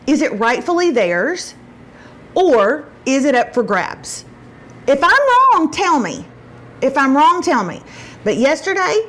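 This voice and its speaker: A middle-aged woman hosting a casual chat show and telling stories, acting out quotes with big jumps in pitch. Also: fairly bright tone. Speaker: show host.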